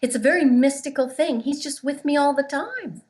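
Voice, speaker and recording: An earnest woman guest tells her story with emphasis, her voice a touch higher than most. She acts out the quoted voices as she goes. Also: moderate pace, a little mellow. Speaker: guest, relationship therapist. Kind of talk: interview storytelling.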